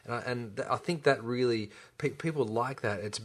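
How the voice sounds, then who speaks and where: Here a middle-aged man with a medium-pitched voice speaks at a moderate pace. He's a chiropractor co-hosting a podcast, enthusiastic and chatty in casual conversation, often starting his sentences over.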